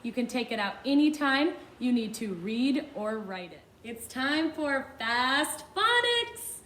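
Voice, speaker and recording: Woman, kindergarten teacher, high voice, very slow sing-song, phonics lesson. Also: sing-song, a bit bright, reverberant. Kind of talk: recorded phonics lesson for young children.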